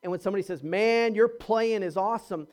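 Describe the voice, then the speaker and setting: Fairly quick and mid-range in pitch, this pastor's voice drives an emphatic sermon. Words get repeated and phrases restarted, and rhetorical questions are aimed at the congregation. Quiet asides give way to near-shouting.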